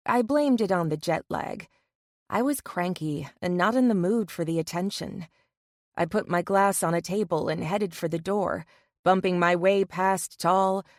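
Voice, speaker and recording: A woman reading a first-person romance audiobook in an even, measured way into a close mic. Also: on the low side, no room sound. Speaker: audiobook narrator. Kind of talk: first-person scripted narration.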